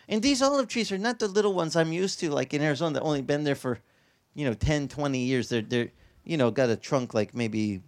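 A man preaching a sermon as a pastor, telling stories in an animated way with his voice leaping up in the lively parts. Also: no room sound. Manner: animated storytelling, voice leaping high in excited passages.

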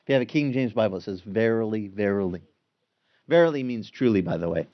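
A man preaching a sermon, conversational and animated, acting out the voices of people in the story. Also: medium pitch, racing, muffled recording. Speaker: pastor.

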